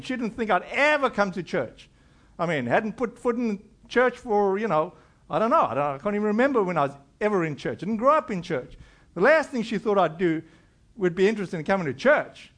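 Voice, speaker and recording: A man's voice: high-pitched, fairly bright tone. A middle-aged male pastor preaching a conversational sermon, acting out quoted voices as he goes.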